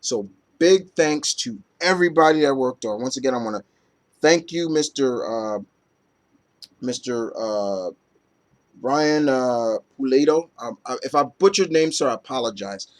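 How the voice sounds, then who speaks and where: A man's voice: mid-range voice, lively intonation, unhurried. A man reviewing comic books in a loose, rambling chat full of fillers and casual swearing.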